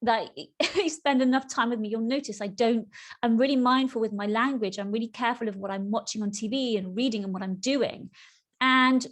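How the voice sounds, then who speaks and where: A middle-aged woman hosting her own podcast as a spiritual coach, talking in an earnest, heartfelt way and lingering slowly over the words that matter to her. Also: fairly high pitch. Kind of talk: solo podcast chat.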